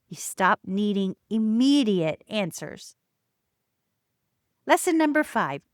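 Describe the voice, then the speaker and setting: A woman hosting her own podcast, talking in a calm, measured way with emphatic pauses. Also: medium pitch, no echo, studio quality. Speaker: podcast host. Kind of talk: reflective solo podcast talk.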